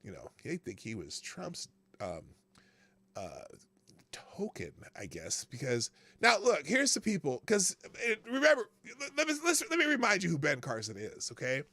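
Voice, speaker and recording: A man's voice: a little high, huge pitch swings, moderate pace, pushed and bright, dry recording. A man hosting a live political talk stream, talking casually and laughing often, greeting viewers by name.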